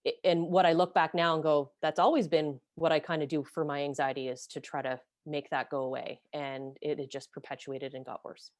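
Frank low-voiced woman, swearing freely. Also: flat delivery, fairly quick, hardly any pauses, no room sound, clean studio sound. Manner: blunt, swears freely, self-deprecating. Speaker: podcast host being interviewed. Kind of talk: candid personal storytelling.

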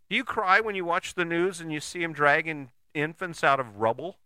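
A man's voice: fairly high pitch, normal speed, hardly any pauses, bright, forceful tone, clear, resonant tone, dry recording, studio quality. A man giving a blunt, profane, emphatic motivational monologue, full of rhetorical questions and restarts.

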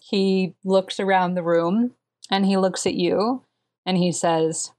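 A woman's voice: lowish voice, steady tone, slow pace, a little mellow. A woman running a tabletop role-playing game, narrating descriptively with many fillers. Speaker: game master.

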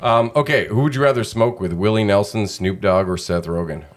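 A man hosting a podcast, chatting in a relaxed, easygoing way and asking playful questions. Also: fairly low pitch, fairly quick. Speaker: podcast host. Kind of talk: casual podcast chat.

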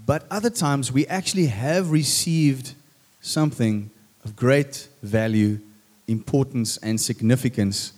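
A man's voice: a little high, darkish tone. A man preaching a casual sermon as pastor, chatty and jokey, asking the audience questions.

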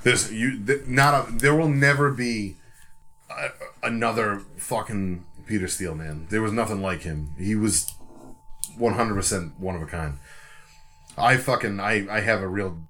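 A podcast co-host from the Providence area of the US tells a rambling, profane story in a fairly low, slightly slow voice. He's an animated storyteller in a casual chat, acting out the voices of the people he quotes.

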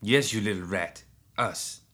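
A man doing a gruff, foul-mouthed brute. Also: on the low side, a little slow, fairly bright tone. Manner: snapping, profane. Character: gruff, crude male hybrid fighter, short-tempered.

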